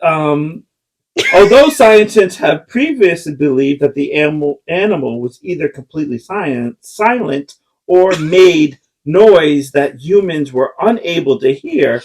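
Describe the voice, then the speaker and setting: A woman's voice: low-pitched, lively intonation, unhurried, darkish tone, husky, rough recording. A woman co-hosting a podcast in casual chat, reading fun facts aloud and teasing her co-host while breaking into laughter.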